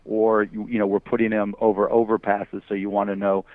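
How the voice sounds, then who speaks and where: A man's voice: lowish voice, flat delivery, brisk, no room sound. A man guesting as an entrepreneur on a phone interview, arguing emphatically through rhetorical questions. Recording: tinny phone line.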